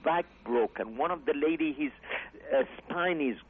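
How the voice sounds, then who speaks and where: Over tinny, phone-like radio audio with slight background noise, a male comedy club owner talks earnestly in a casual interview. His voice is a little high at a moderate pace, and his English rambles with broken grammar.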